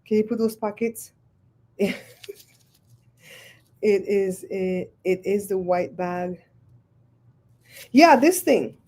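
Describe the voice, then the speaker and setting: A woman, hosting a livestream and chatting with viewers, telling stories in an animated, exclaiming way. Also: mid-range voice, takes it slowly, pauses often. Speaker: livestream host. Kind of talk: casual chat with live viewers.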